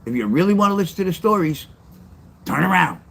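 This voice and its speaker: This older New Yorker speaks fast in a high, gravelly, animated voice. He hosts a casual livestream, reading viewer chat and spinning stories bluntly and repetitively, wandering as he goes.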